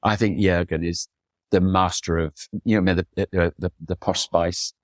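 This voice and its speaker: A man's voice: deep voice, fairly even intonation, measured pace, no room sound, studio quality. A middle-aged man telling enthusiastic, chatty stories as a podcast guest, slipping into acted quotes. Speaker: photographer guest. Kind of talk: storytelling conversation.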